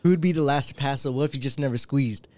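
Young man, casual chat, teasing, playful, mid-pitched voice. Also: quick pace, darkish tone, no room sound. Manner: playful, teasing, laughs often.

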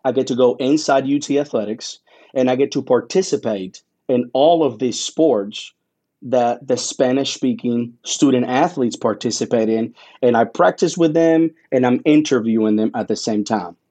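A man being interviewed, a play-by-play broadcaster telling his story in an animated, emotional way. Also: mid-range voice. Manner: animated and emotional, with dramatic pauses.

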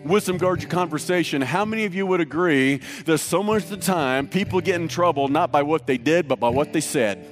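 A man's voice: a little high, a little fast, few pauses. A man preaching a sermon to a congregation, emphatic, breaking into sung lines and jokes, with faint guitar music behind. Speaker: pastor.

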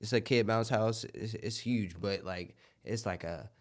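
A man's voice: on the low side, unhurried. A young man in casual podcast chat, telling rambling stories and often asking "you get what I'm saying?".

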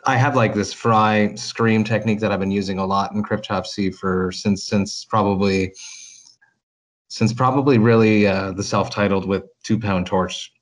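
A man's voice: lowish voice, fairly even intonation, normal speed. A man, a metal vocalist, chatting casually and enthusiastically as an interview guest, rambling with restarts.

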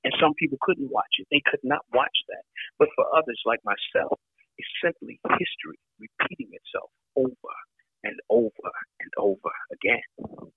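An older man with a gravelly, creaky voice speaks as an interview guest, emphatic and measured, stacking one example on another. His voice comes through dry and tinny, like a phone line. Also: fairly high pitch, sing-song, no room sound. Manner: emphatic, piles up repeated lists. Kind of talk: reflective interview talk.

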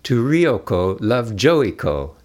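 A man voicing a playful, confident teenage girl who talks in brash, lively slang. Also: mid-range voice, moderate pace, voice pushed up. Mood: teasing.

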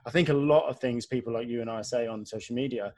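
A man's voice: mid-range voice, quick pace, darkish tone, dry recording. Man, early thirties, thoughtful, hedging, lots of "like", casual podcast chat, dry close sound. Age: 30s. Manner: thoughtful, hedging, uses many "like"s.

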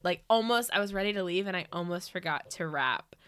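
A woman's voice: on the low side, a little fast, clean tone, dry recording, studio quality. A young woman co-hosting a podcast, telling stories in casual chat and laughing often. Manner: animated storytelling, laughs often. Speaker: podcast co-host.

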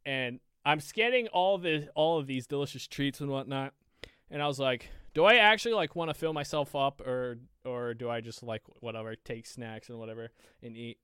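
Smooth-voiced man telling a rambling story. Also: mid-range voice, steady tone, moderate pace, no room sound, clean studio sound. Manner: rambling, filler-heavy, swears freely. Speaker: podcast co-host. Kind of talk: casual storytelling.

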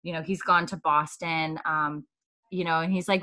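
A woman's voice: low voice, fairly even intonation, normal speed, bright, forceful tone. A woman from Canada, a podcast co-host recapping a TV episode in casual chat, laughing often and acting out lines. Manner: chatty, laughs often, acts out quoted lines.

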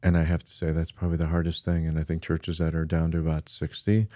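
Deep-voiced earnest pastor, dark tone. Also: male voice, quick pace, dry recording, studio quality. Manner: earnest, animated emphasis on key points. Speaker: pastor and podcast co-host. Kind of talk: casual conversation about church.

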